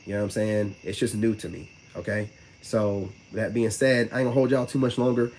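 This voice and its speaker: A man's voice: lowish voice, fairly even intonation, a little mellow, a little hiss or hum. A man talking casually to his live viewers in a loose, rambling way, full of slang and repeated "you know what I'm saying". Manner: fast, loose slang-heavy speech. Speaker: vlogger talking to live chat. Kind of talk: casual live-stream talk.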